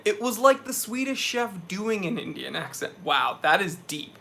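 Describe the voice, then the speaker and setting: A man's voice: high-pitched, very animated, normal speed, creaky, bright, forceful tone. A young man hosting a casual live stream, sweaty after a hike, talking with energy as he reads out viewers' chat messages.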